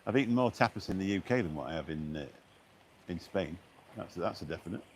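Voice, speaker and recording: A man's voice: low voice, animated, fairly quick, slight background noise. A middle-aged man chatting casually on a live stream as he walks by the beach, rambling along with lots of fillers and restarts. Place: outdoors on a beach walk.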